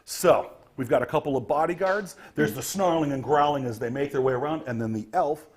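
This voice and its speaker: A man's voice: fairly high pitch, fairly quick, slightly rough. A man narrating a tabletop game as game master, setting scenes vividly with frequent ums and restarts.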